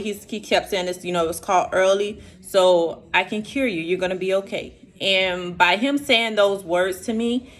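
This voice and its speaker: A woman's voice: mid-range voice, a bit bright. A young woman tells viewers her personal story in an earnest, emotional vlog, speaking to them directly. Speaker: vlogger sharing her diagnosis.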